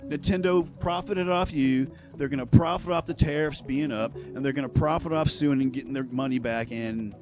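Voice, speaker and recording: A man's voice: a little high, normal speed, few pauses. Heated, sarcastic male news commentator who swears freely, with music playing under him. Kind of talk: ranting casual commentary.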